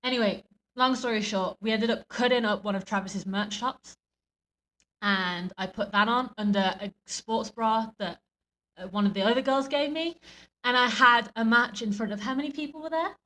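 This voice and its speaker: A woman's voice: on the high side, normal speed, fairly bright tone, poor audio. A woman co-hosting a podcast in casual chat. She tells stories with animation and acts out what people said. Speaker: podcast co-host. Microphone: podcast microphone.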